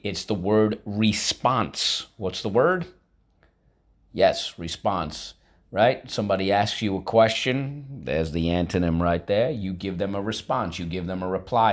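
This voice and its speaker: A deep-voiced male teacher runs a classroom vocabulary lesson, splitting words into syllables for students to repeat. He tosses in casual asides and says "okay" a lot.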